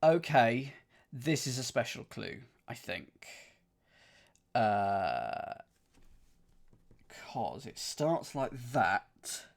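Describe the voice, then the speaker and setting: Lively man puzzling aloud. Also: medium pitch, very slow, creaky, long pauses. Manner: muses and questions himself aloud, with frequent fillers and self-corrections. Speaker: streamer solving crosswords. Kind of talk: thinking aloud while solving, chatting with live chat.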